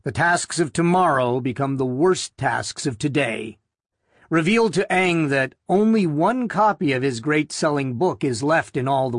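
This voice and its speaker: A man's voice: mid-range voice, no room sound, studio quality. A man reading a story aloud, voicing a grouchy, disheveled man who muses to himself. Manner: musing, unhurried.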